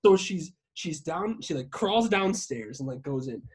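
A man hosting a podcast, telling a story in casual chat. He is animated and profane, and he acts out the voices he quotes. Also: fairly high pitch, measured pace, slightly rough. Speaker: podcast host.

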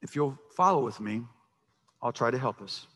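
A man's voice: medium pitch, animated, normal speed, a bit bright, slightly rough. A man preaching a sermon as pastor, emphatic and prone to repeating words as he starts a thought, recorded in a church sanctuary. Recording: long reverb of a large hall.

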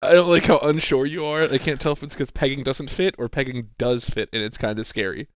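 A man's voice: mid-range voice, steady tone, a little fast, highs cut off. A man playing as a contestant in a casual podcast game, joking in a dry way.

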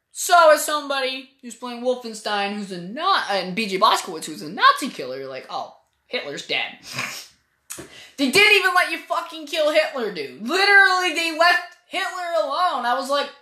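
A woman's voice: high voice, pushed and bright. A woman giving a casual, opinionated spoken game review, rambling and swearing freely. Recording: echoey room.

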